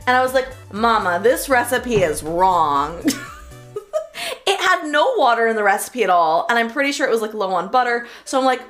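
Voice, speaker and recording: A woman's voice: a little high, animated, fairly quick, fairly bright tone, faint music behind. A woman chatting and giggling through a casual cooking livestream, greeting her chat.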